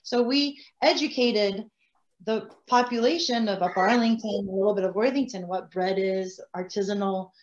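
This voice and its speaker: A woman speaking at a middle pitch, full of lively stories about her family business. She talks in a warm, chatty way. The sound comes through a video call with a dull, lo-fi edge. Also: moderate pace. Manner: animated, chatty storytelling. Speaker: restaurant owner. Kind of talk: panel discussion.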